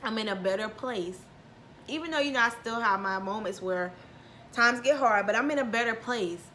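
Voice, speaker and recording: A woman's voice: fairly high pitch, normal speed, pushed and bright, slight background noise. A woman in her thirties chatting to her viewers from home, heartfelt and close to tears, with a lot of "y'all". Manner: heartfelt, says y'all often, near tears. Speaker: vlogger. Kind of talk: emotional casual chat to viewers.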